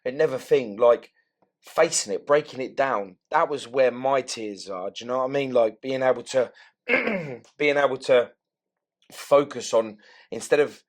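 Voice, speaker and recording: A man's voice: medium pitch, animated, a little slow. A man, talking frankly in a casual podcast chat and swearing freely.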